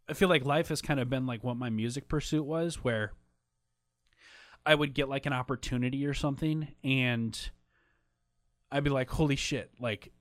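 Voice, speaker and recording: A man's voice: mid-range voice, no echo. Candid, swearing man in dry close audio. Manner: emotional, swears often, trails off with fillers. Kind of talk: casual candid conversation.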